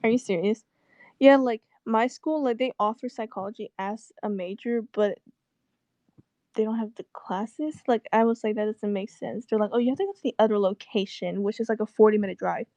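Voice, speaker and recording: Young female vlogger, candid and sarcastic, slightly high voice, dry close recording. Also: fairly even intonation, normal speed, dark tone, no room sound, lo-fi sound. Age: young adult. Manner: swearing, rambling, with sarcastic asides. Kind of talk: casual chat.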